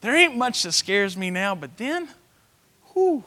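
A middle-aged man, preaching a sermon through a personal story, swinging from hushed to loud. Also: high voice, sing-song, normal speed, in a large hall.

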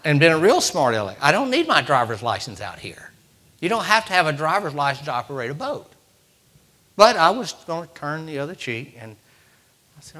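A man's voice: medium pitch, big pitch swings, normal speed, sharp tone. A man, preaching by telling a folksy story with rising fervor. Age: 60s. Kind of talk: storytelling sermon.

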